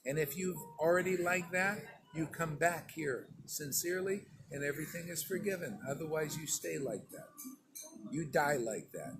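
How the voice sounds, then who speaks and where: Male spiritual teacher, informal sermon, stern and emphatic, slightly high voice, noisy recording. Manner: emphatic and stern, conversational, with repeated "see?" and "man".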